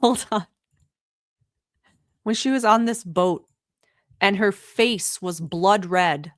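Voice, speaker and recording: A woman's voice: mid-range voice, takes it slowly, no room sound, clean studio sound. A woman from the Middle East giving heated, sarcastic and profane reaction commentary on a livestream.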